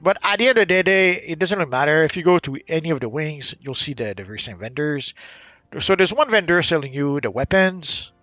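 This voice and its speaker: Relaxed man commentating a game. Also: on the high side, fairly quick, no echo, soft background music. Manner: relaxed, chatty, explains as he plays. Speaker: gaming channel host. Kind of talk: casual gameplay commentary.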